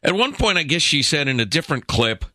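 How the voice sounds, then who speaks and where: A man's voice: a little high, very animated, fast, bright, forceful tone, dry recording, studio quality. A man co-hosting a radio talk show, sarcastic and exasperated, mocking what he hears in opinionated banter.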